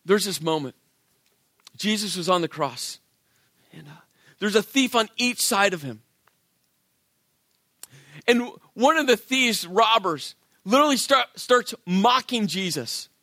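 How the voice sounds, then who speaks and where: A male pastor preaching a sermon in an animated way, acting out the voices of biblical characters. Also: high voice, measured pace, pauses often, no room sound, studio quality.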